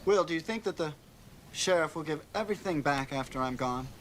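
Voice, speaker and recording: A man's voice: fairly high pitch, animated, a little fast, a little hiss or hum, natural voice. A man playing an earnest outlaw in an old film. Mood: worried. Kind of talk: film dialogue.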